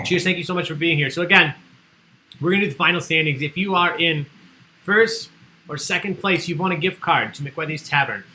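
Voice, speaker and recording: A man's voice: on the high side, fairly quick, bright, forceful tone, low-quality recording. A man hosting an online trivia livestream, chatty and joking as he reads out the answers people sent in. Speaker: trivia host.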